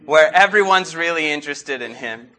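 A man's voice: a little high, lively intonation, moderate pace, bright, forceful tone. A man preaching as a guest in church, telling stories earnestly and asking rhetorical questions. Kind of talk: sermon.

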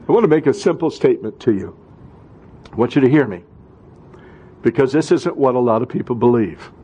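A male pastor preaching a sermon, rising into emphatic calls and dropping to quiet asides. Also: medium pitch, breathy edge.

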